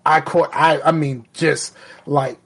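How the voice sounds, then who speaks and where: Husky-voiced man telling stories. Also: on the high side, fairly even intonation, takes it slowly, fairly bright tone. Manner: rambling storyteller with many fillers and restarts; profane, candid. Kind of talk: casual chat.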